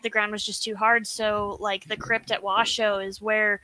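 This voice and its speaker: A woman's voice: medium pitch, flat delivery, moderate pace, a loud crowd, poor audio. A woman guest telling ghost-hunting stories in a chatty way with many fillers. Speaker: guest paranormal investigator. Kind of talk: casual chat.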